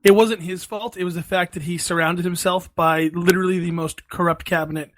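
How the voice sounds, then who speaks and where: A man's voice: high-pitched, steady tone, a little fast, no room sound. A man from Massachusetts hosting a podcast, hesitant and repeating words as he tries to steer the casual chat. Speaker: podcast host.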